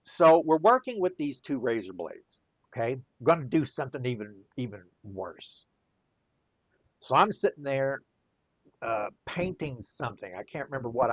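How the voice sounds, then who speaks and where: A man spins a casual anecdote while he works on a drawing, chuckling as he goes. He talks slowly, and his pitch leaps high and drops low. The sound is dry and a bit dull, like a muffled home recording. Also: dry recording. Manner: chuckles often, lively rise and fall. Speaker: artist and storyteller.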